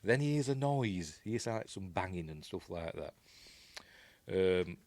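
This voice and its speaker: Low-voiced Yorkshire man recapping a film. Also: animated, unhurried, a little mellow, no echo. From Yorkshire, England. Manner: rambling, chatty, full of ums and asides. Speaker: film reviewer.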